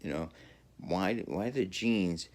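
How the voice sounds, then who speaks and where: A man rambling through a casual monologue, halting often with fillers and restarts and chuckling as he talks. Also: sits low. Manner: chuckles while talking. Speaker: podcaster.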